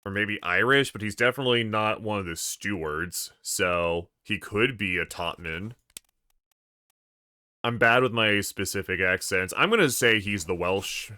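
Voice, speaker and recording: A man's voice: fairly low pitch, a little slow, sharp tone, smooth, no room sound. A man streaming a game, thinking aloud in a hesitant, musing way. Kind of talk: casual gameplay commentary.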